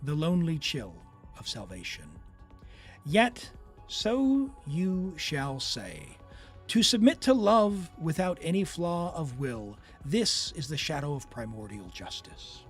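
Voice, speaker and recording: A man doing a put-on narration voice, reading grand lore slowly and dramatically. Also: on the high side, wildly swooping pitch, soft background music, exaggerated voice. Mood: solemn. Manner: slow, measured, dramatic recitation. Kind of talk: dramatic read-aloud of game text.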